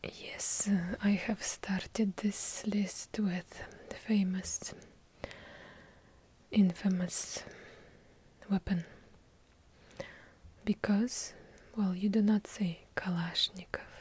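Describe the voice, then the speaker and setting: Slow-whispering woman with a heavy Russian accent. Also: mid-range voice, breathy edge. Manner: dry, deadpan joking asides. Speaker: ASMR creator. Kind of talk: whispered ASMR. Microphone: handheld recorder up close.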